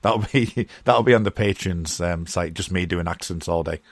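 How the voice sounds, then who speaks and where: Deep-voiced easygoing male co-host. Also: normal speed, dry recording, studio quality. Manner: easygoing, laughs along. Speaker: podcast co-host. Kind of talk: casual podcast chat.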